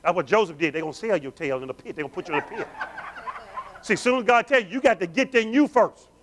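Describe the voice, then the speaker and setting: A male pastor with a high voice and a very lively, sweeping pitch. He preaches with call-and-response, urging the congregation on as family. His volume dips from loud declarations to near-whispered asides. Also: fast, noisy background. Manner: swings between loud declarations and hushed, low asides. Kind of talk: sermon. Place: church sanctuary.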